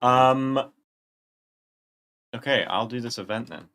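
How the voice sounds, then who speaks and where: A man's voice: mid-range voice, slow, fairly bright tone. A young man hosting a casual livestream, rambling through chat questions in gamer slang. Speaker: livestream host.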